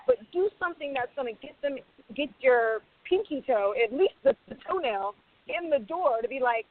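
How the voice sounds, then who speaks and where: Woman, fairly high voice, passionate panelist, tinny phone-like sound, dry. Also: moderate pace, no room sound. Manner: passionate, animated, acts out quoted dialogue. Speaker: screenwriter and panelist. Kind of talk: panel discussion.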